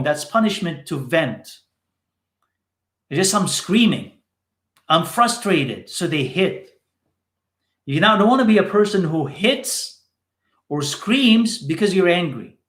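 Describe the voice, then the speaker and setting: A man's voice: a little high, a bit bright. Emphatic male teacher in a roomy space. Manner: repeats short phrases for emphasis. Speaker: Islamic teacher answering questions. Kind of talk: live Q&A teaching.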